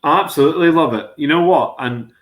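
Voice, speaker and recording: A man's voice: on the high side, brisk. A man hosting an online whiskey tasting over a video call, chatty and jokey. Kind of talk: casual chat.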